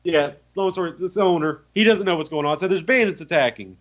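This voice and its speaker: Animated swearing guy with a higher voice. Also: a little fast. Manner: animated, profane storytelling with many fillers. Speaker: podcast co-host. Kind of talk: casual chat, retelling a tabletop game. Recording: muffled lo-fi audio.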